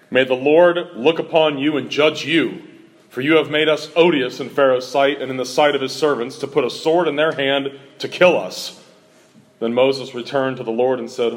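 A male pastor in a church, preaching and reading scripture aloud, lifting his voice for the quoted speakers. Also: fairly high pitch.

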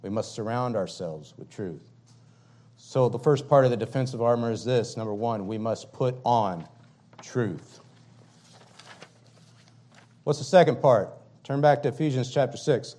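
Unhurried and pausing often, a man delivers a fiery sermon as a pastor, emphatic and repetitive, with swings between forceful loud statements and quiet, low sections.

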